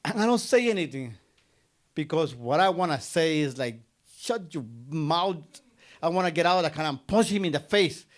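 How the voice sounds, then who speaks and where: Guy telling a story live, slightly high voice, acts out the dialogue. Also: fairly quick. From Guatemala. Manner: animated, acts out both sides of a conversation.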